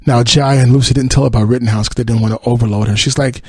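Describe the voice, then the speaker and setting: A man's voice: medium pitch, brisk, slightly rough, dry recording. A man hosting a podcast, casually retelling a TV episode in a rambling way with many fillers. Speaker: podcast host.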